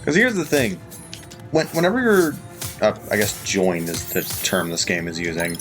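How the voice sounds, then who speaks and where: Male let's-play commentator, casual rambling, lively pitch, light game music. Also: moderate pace, rough recording. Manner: rambling, self-correcting explanations. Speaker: gameplay streamer.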